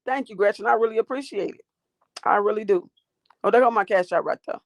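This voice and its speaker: A fast-talking woman with a medium-pitched voice rants at her viewers during a phone livestream, cursing, combative and sassy. The recording has no room sound.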